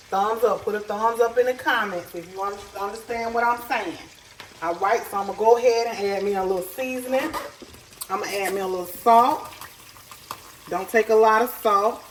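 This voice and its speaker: Woman, folksy home cooking talk, medium pitch, faint sizzle from the pan. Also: slight background noise, rough recording. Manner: chatty, folksy, talks straight to viewers. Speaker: home cook. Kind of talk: casual cooking tutorial. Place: home kitchen.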